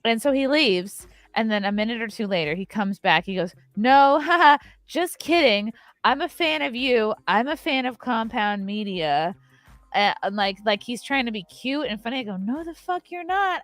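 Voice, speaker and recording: A woman telling a story in a casual podcast chat, animated and profane, acting out what people said. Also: mid-range voice, moderate pace, dry recording. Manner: animated, profane, acts out quotes.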